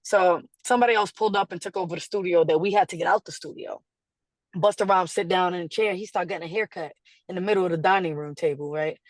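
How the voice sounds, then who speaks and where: A woman being interviewed, telling a story in a casual, animated way, acting out quotes and laughing often. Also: on the low side, quick pace, no echo. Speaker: guest artist.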